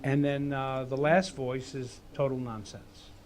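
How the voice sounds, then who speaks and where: Animated man teaching writing. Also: medium pitch, a little slow. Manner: animated, acts out voices and hums melodies. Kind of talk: casual teaching talk.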